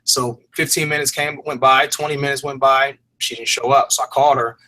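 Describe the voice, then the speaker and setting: Bright-voiced man telling a personal story. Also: medium pitch, steady tone, brisk, poor audio. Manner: earnest, rambling, frequent fillers and restarts; casual slang. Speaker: fitness program creator, interview guest.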